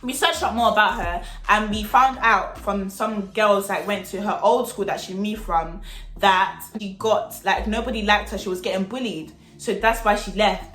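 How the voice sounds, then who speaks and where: A young woman telling a storytime vlog in an animated, slangy, chatty way. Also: mid-range voice, reverberant. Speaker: vlogger.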